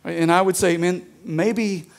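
A man's voice: high-pitched, fairly even intonation, slow, vocal fry. A man preaching a sermon as a pastor, talking casually with lots of "like" and "right?".

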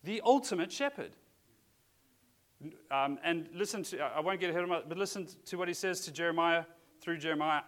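A man's voice: fairly high pitch, fairly quick, fairly bright tone. Earnest man preaching a sermon. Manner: earnest, conversational preaching with restarts. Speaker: pastor.

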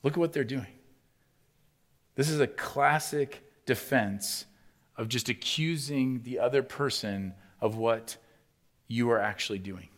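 A man preaching a sermon, talking to the congregation as if chatting with them. He asks rhetorical question after question. His delivery swings between loud, rising emphasis and quiet, low stretches. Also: unhurried. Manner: builds to loud, rising emphasis, then drops to soft and low. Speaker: pastor.

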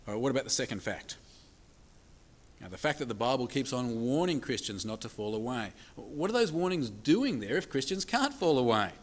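A man preaching a sermon, emphatic, asking the congregation rhetorical questions and slowing down to stress key points. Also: medium pitch, sing-song. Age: adult with children.

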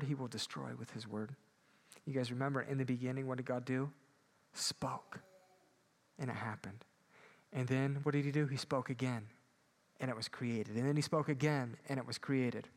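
A man preaching a sermon, moving between loud emphatic peaks and quiet low asides. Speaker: pastor.

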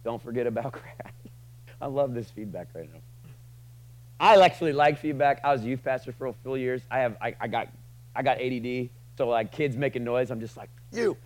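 A man preaching a sermon to a room, casual and joking, swinging from loud passionate lines to quiet asides. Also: mid-range voice, fairly quick, low-quality recording. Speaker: pastor.

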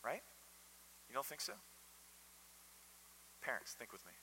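A man's voice: medium pitch, big pitch swings, unhurried, bright, forceful tone, big-room sound, a little hiss or hum, low-quality recording. A man preaching a conversational sermon to a Sunday morning congregation, often asking them direct questions. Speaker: pastor.

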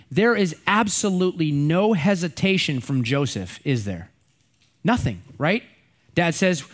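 A man's voice: a little high, sing-song, moderate pace. A middle-aged man preaching a sermon in a conversational way, repeating and stressing key words. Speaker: pastor.

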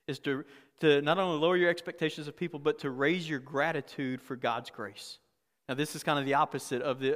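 Guy preaching a sermon, kinda high voice, chatty and repeats himself a lot, big hall echo. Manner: animated, conversational preaching with repeated phrases. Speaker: pastor. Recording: long reverb of a large hall.

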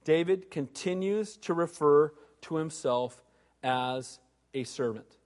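High-voiced preacher in a reverberant hall. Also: male voice, slow. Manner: animated preaching, acting out biblical voices. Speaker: pastor. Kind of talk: sermon.

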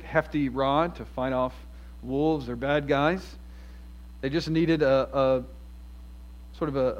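A man's voice: medium pitch, darkish tone, dull audio. A man preaching an expository sermon, earnest and emphatic, asking his listeners rhetorical questions.

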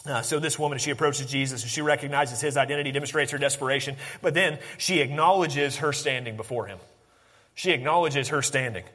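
A man preaching a sermon, swinging from animated emphasis to hushed, intense lines. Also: mid-range voice, brisk, in a large hall. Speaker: pastor.

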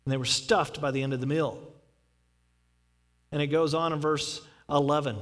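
A man preaching a sermon in a casual, animated storytelling way, acting out dialogue. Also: a little high, normal speed, pauses often. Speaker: pastor. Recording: long reverb from a large hall.

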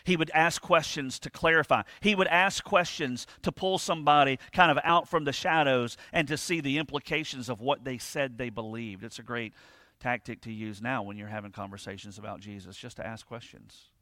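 Male pastor, conversational sermon delivery, mid pitch, dry close sound. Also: normal speed, sharp tone, no echo. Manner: conversational preaching, frequent "right?" to the congregation; reads scripture aloud with rising emphasis.

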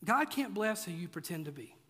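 This pastor's voice sits high and moves in a sing-song way, a little fast, a bit bright and slightly rough. He gives his sermon in a church auditorium with a casual, joking manner, repeating points for emphasis, and the hall's echo is audible on the recording.

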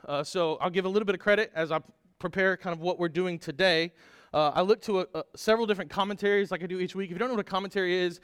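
A man preaching a Sunday sermon, animated and conversational, putting rhetorical questions to the congregation. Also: high voice, very fast, clear, resonant tone, dry recording, clean studio sound. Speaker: pastor.

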